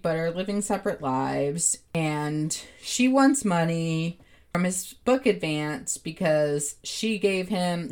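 A woman co-hosting a podcast, recapping a TV episode in casual chat with a sardonic, swearing manner. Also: deep voice. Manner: sardonic, swears freely while recapping the plot. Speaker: podcast co-host.

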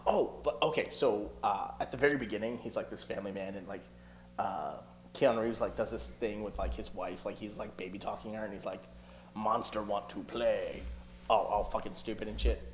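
Low-voiced man rambling through a story. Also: fairly quick, a little hiss or hum. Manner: rambling storyteller, lots of fillers and laughs. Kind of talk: casual podcast chat.

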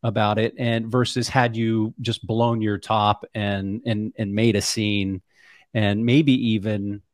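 A man hosting a podcast, reflecting in a measured way and asking thoughtful follow-up questions. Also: on the low side, little pitch movement, no room sound, studio quality. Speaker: podcast host. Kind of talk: interview conversation.

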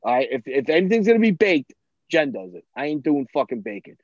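A man's voice: fairly high pitch, very animated, brisk, dry recording. A man in casual chat, ranting bluntly and swearing freely about his kids and his cooking. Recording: dull lo-fi, dry.

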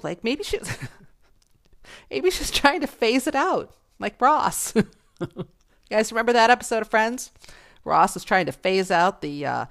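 A middle-aged woman hosting her own podcast, talking casually and chattily with frequent laughs. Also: on the low side. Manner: chatty, gossipy, laughs often, animated. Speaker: podcast host. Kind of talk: casual solo podcast monologue.

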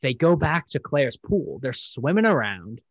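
A man's voice: mid-range voice, big pitch swings, measured pace, husky, no room sound, poor audio. A young man casually recapping a dating show as a podcast host, rambling and profane, mocking the people he quotes.

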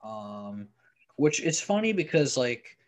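Speaking slowly in a sing-song, medium-pitched voice, this man co-hosts a sports podcast. His chat is casual, wry and offhand, full of likes and ums.

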